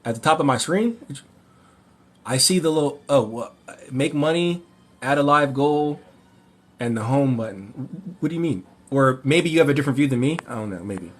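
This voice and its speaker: A man hosting a livestream Q&A, ranting and mocking in an animated way, often rambling and correcting himself. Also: mid-range voice, moderate pace, slightly rough. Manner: animated, mocking, breaks into laughter. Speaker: livestream host.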